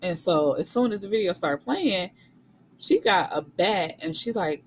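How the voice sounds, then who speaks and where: A woman's voice: on the low side, lively intonation, measured pace, a little hiss or hum, rough recording. A woman recapping a novel's plot in a casual, slangy way, swearing freely and acting out the characters. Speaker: book reviewer.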